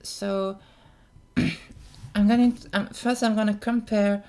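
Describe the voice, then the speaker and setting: A woman's voice: mid-range voice, fairly even intonation, slow pace, a little mellow. A woman explaining voice technique in a casual spoken tutorial, hesitant, with many ums and apologetic asides. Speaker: voice coach. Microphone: camera mic, speaker close to camera.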